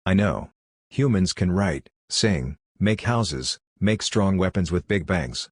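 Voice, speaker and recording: A man voicing a blunt, ruthless girl raised by ghost leopards, speaking in flat, matter-of-fact broken English. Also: deep voice, slow, breathy edge, dry recording, studio quality, heavily acted. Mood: calm. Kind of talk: audiobook character voice.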